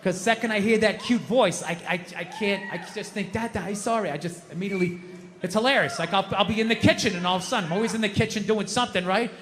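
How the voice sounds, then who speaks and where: High bright-voiced man doing stand-up. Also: quick pace. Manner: swears a lot, acts out his outbursts. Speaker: stand-up comedian. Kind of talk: stand-up comedy. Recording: reverberant hall, faint noise.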